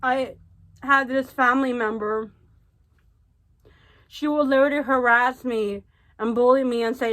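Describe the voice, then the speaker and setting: Young woman vlogger, high voice, earnest heart-to-heart storytime, keeps repeating for emphasis. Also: steady tone, measured pace, pauses often, a bit bright. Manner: earnest, confiding, repetitive emphasis. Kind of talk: heartfelt storytime advice vlog.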